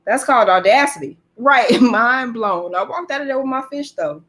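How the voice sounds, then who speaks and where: A woman telling a humorous story to a church group, animated, laughing often and speaking straight to her listeners. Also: a little high, moderate pace.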